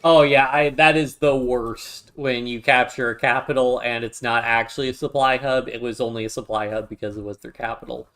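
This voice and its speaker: A man's voice: medium pitch, steady tone, fairly quick, few pauses, a bit bright. Wry man narrating a strategy game. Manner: chatty, wry, talks to himself while playing. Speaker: gaming YouTuber. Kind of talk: casual let's-play commentary.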